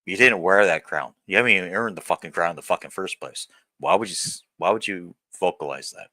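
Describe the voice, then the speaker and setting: A deep-voiced man in his thirties vlogs straight to camera, blunt and profane. His voice is low but hard-edged and forceful, and the sound is dry and close. He rambles, stops and restarts as he talks. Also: fairly quick, no echo. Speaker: vlogger. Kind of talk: candid personal vlog rant.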